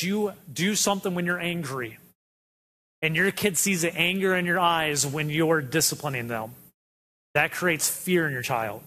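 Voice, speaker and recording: A man's voice: on the high side, sharp tone, slight background noise. A man in his thirties preaching a sermon in a conversational way, acting out quotes from his kids. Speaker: pastor. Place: church auditorium.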